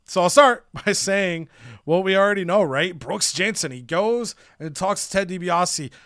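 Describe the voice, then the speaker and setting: A man's voice: high-pitched, normal speed, no room sound. A man hosting a gaming channel, narrating the story of his wrestling game and acting out the characters. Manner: animated, acts out characters' lines.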